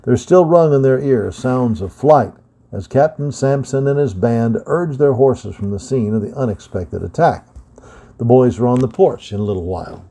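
A man reading an adventure story aloud with steady, dramatic storytelling. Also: medium pitch, moderate pace, vocal fry. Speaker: storybook reader. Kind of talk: scripted narration of an adventure story.

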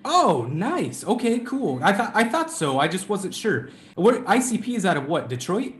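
A man with a Minnesota accent, a band member appearing as a guest, chats casually from home in an interview, friendly and laid-back and laughing often. His voice is high-pitched with big swings in pitch at a normal speed, and the recording sounds roomy.

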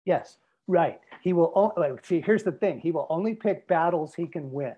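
A man's voice: a little high, animated, moderate pace, husky, highs cut off. Emphatic preacher-like man. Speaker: guest speaker on men's development. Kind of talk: podcast conversation.

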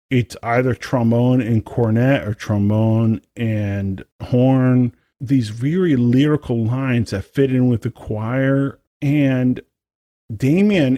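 A man's voice: mid-range voice, dark tone, dry recording. Give me a man chatting on a podcast, rambling with lots of fillers, recorded dry. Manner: rambling, many fillers and restarts. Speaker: podcast co-host, brass musician. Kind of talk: casual chat.

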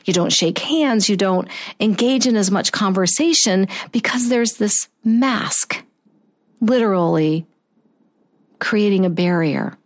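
A middle-aged woman telling a personal story in an earnest, heartfelt way, often restarting her sentences. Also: mid-range voice. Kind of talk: personal anecdote, reflective storytelling.

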